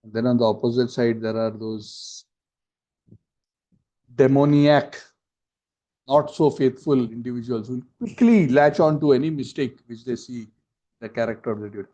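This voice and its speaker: A man's voice: medium pitch, moderate pace, pauses often, dark tone. A man teaching a scripture class, telling the story with acted quotes and asides, on a dull lo-fi recording.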